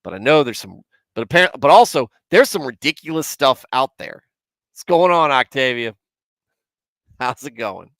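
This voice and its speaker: A man's voice: mid-range voice, sing-song, fairly quick, a bit bright, dry recording. Candid man in his forties, dry sound. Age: 40s. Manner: self-deprecating and candid, talking to live chat. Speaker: host of a Bible commentary show. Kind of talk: casual Bible commentary livestream.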